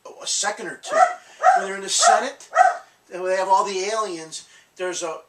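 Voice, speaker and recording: A man's voice: high-pitched, very animated, fairly quick, far from the mic. A man hosting a collectibles channel, telling rambling stories in casual chat, laughing often and swearing. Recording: echoey room, off-mic, faint noise.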